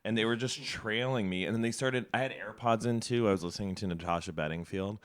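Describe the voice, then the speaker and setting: A man's voice: fairly low pitch, fast, no room sound. A young man co-hosting a podcast, telling a rambling story in casual chat and filling his talk with "like". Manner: rambling storyteller, heavy use of "like". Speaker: podcast co-host.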